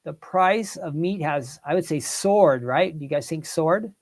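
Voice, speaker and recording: A man's voice: fairly high pitch, a little slow, a little mellow. A man hosting a livestream, thinking aloud through word quiz questions and asking viewers for their answers. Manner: thinks aloud, polls the chat. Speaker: livestream host. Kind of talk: casual live quiz chat with viewers.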